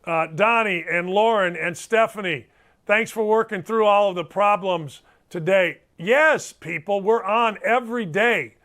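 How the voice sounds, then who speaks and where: A man's voice: sits high, a little slow, sharp tone. A middle-aged man hosting a sports talk show, talking in a blunt, emphatic way and repeating himself for effect.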